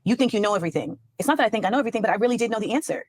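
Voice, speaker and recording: A woman's voice: mid-range voice, lively intonation, racing, dry recording. A woman speaking as a guest in an interview clip, candid and emphatic.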